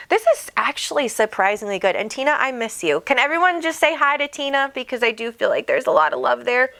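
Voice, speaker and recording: Woman host, chatty livestream, bubbly and warm toward viewers, home mic. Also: on the high side, lively intonation, a little fast. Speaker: psychic medium host. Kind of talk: casual livestream chat. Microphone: desk microphone.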